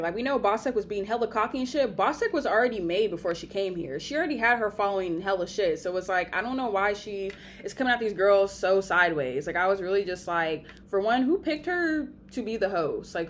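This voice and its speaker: A young woman giving a blunt, profane, animated recap of a reality show reunion. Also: mid-range voice, brisk, hardly any pauses, a little hiss or hum. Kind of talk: casual recap commentary.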